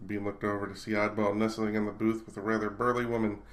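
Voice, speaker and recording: A man's voice: on the low side, little pitch movement, fast talker. A man reading his own short story aloud in a casual, unpolished way, stumbling and correcting himself. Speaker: author and reader.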